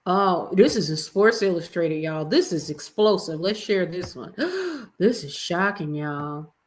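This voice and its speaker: A woman hosts an evening livestream and chats casually about the news of the day. Her delivery is expressive and conversational, and she keeps turning to speak to her viewers as if they were friends. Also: on the low side, a little slow. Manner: chatty, expressive, talks straight to viewers. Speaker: livestream host. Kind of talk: casual commentary chat.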